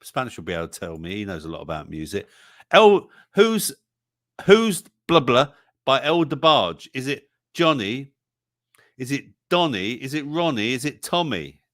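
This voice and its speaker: A man's voice: mid-range voice, sing-song, moderate pace, fairly bright tone, no room sound, clean studio sound. A man hosting a livestream song quiz in a jokey, casual way, reading out the chat's answers. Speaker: livestream show host.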